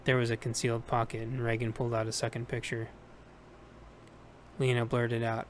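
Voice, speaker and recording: Flat-voiced man reading an audiobook. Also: mid-range voice, a little fast, a little hiss or hum. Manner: steady, plain reading with small self-corrections. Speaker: audiobook reader. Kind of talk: audiobook narration.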